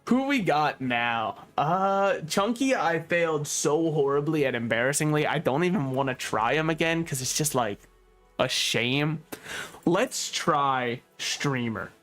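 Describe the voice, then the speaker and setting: A man's voice: fairly high pitch, lively intonation, unhurried, a bit bright, soft background music. A man giving casual, rambling gameplay commentary, joking, swearing freely and laughing often. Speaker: gaming YouTuber.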